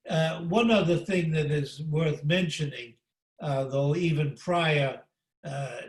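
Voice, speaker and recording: Halting older man teaching, echoey and distant. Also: a little high. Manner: halting, many fillers and restarts. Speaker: monk giving a spiritual talk. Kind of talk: unscripted spiritual teaching. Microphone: video call. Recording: echoey room, distant from the mic.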